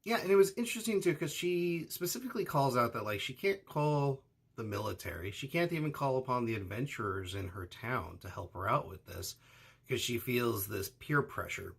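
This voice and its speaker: Male co-host, gravelly and husky, lowish voice, casual questioning chat. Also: lively intonation, moderate pace, a bit bright. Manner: asks questions, hedging with fillers like "uh" and "you know". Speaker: anime discussion co-host. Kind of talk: casual analytical discussion.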